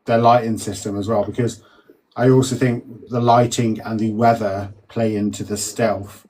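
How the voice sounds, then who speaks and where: A man in casual podcast chat, hesitant, with many pauses and restarts. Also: lowish voice, little pitch movement, darkish tone, poor audio. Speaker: podcast co-host.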